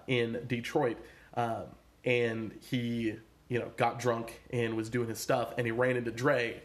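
A man co-hosting a comedy podcast, chatting casually with his brother in a deadpan, joking way. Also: mid-range voice. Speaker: podcast co-host.

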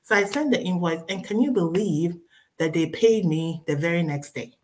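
A woman as a guest storyteller giving a personal faith testimony, animated and acting out dialogue with many fillers. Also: lowish voice, moderate pace.

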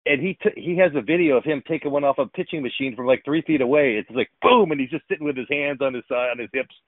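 A man's voice: medium pitch, fast, no echo. A man co-hosting a casual talk show, rambling with many fillers and restarts. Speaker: podcast co-host, former pro baseball player. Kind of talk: casual chat. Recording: phone-like narrow sound.

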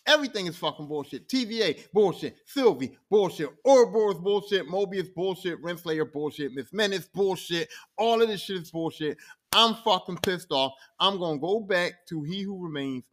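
A man's voice: high voice, expressive, normal speed, fairly bright tone, pitched below the performer's own voice. A man voicing a frustrated male trickster god who swears and talks in street slang. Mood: fed up.

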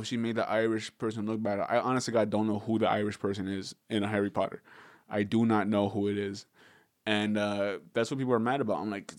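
This Southern California man rambles through a laid-back podcast conversation, laughing a lot and cursing without hesitation. His voice is a touch low, and the studio-quality audio has no room sound.

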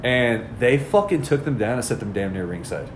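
A man's voice: mid-range voice, moderate pace. Guy on a podcast telling a rowdy story, swears a lot, does the voices of people he's quoting, faint hiss behind. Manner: profane, animated storyteller acting out quoted dialogue. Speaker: podcast host. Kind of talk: casual storytelling.

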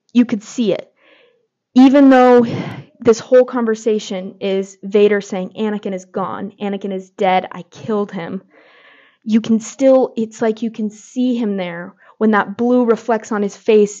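A woman's voice: on the high side, darkish tone. A woman hosting a podcast, giving casual fan commentary in a gushing way with lots of filler words. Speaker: podcast host. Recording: slightly dull lo-fi audio.

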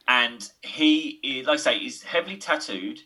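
A man's voice: medium pitch, animated, moderate pace, sharp tone, poor audio. A man co-hosting a casual comedy podcast, playful and often laughing. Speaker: podcast co-host.

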